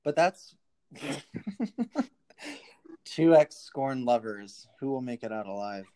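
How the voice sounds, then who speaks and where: A woman's voice: extremely low pitch, expressive, mellow. A woman co-hosting a podcast, chatting casually and giggling while recapping a reality show. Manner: chatty, giggly, quick asides. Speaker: podcast co-host.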